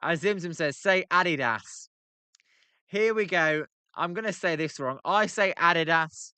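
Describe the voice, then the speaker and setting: A bright, clean-sounding young man with a British accent, talking close to a dry mic. He chats loosely with his viewers as he follows a baseball game, teasing them about how words are said. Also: on the high side, expressive, a little slow, clear, resonant tone, no room sound. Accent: British English. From Britain. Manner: chatty, banters with chat, plays with pronunciations. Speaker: livestream host reacting to a baseball game. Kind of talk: casual live-stream commentary, reading chat.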